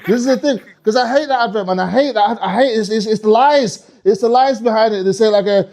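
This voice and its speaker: A man's voice: high-pitched, fast talker, darkish tone. A man doing a live stand-up routine on a comedy club stage, rambling, swearing and talking to the crowd.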